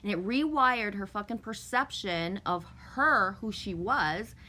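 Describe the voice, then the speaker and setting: Middle-aged canadian-raised lady livestreaming, bright forceful voice, perky, swears a lot, laughs a bunch. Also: mid-range voice, expressive, a little slow, slight background noise. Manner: chipper, profane, laughs often, talks to chat. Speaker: livestream host. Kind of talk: casual livestream chat.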